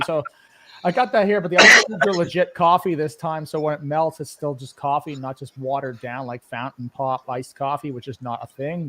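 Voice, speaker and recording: A man's voice: fairly high pitch, background noise. A man with an East Coast Canadian accent chatting casually on a livestream, rambling and laughing often. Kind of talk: casual chat.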